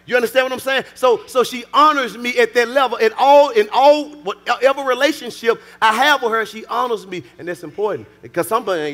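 A man in the pulpit with a high-pitched voice, moving from near-shouts to hushed, intimate asides. He preaches to his congregation and acts out small everyday scenes along the way. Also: fairly quick, few pauses. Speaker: pastor. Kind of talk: sermon.

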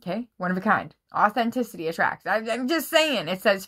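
A woman reading tarot cards for her viewers in a casual, excitable way, swearing freely and often breaking into laughter. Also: mid-range voice, fairly quick, few pauses, breathy edge. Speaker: tarot reader.

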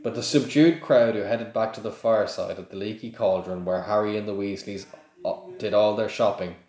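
A man with a low voice reads a novel aloud in a plain, steady way. He now and then trips over a word and restarts. The room adds a noticeable echo. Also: brisk. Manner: plain, steady reading with small slips. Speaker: reader of a book to listeners. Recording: echoey room.

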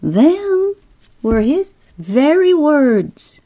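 A woman's voice: sits high, sing-song, very slow, mellow, pitched above the performer's own voice, exaggerated voice. A woman putting on a whining old village gossip. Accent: rural New England. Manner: whining, rambling, self-pitying. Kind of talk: storybook reading.

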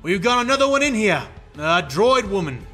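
A man voicing a male clone soldier who calls out his report briskly. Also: sits high, lively intonation, sharp tone, faint music behind, pitched above the performer's own voice, full character voice. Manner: brisk, calling out.

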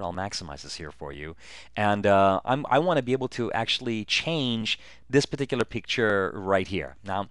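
A man narrating a relaxed, step-by-step screen-recorded software tutorial, with frequent ums and uhs. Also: lowish voice, clear, resonant tone, no echo.

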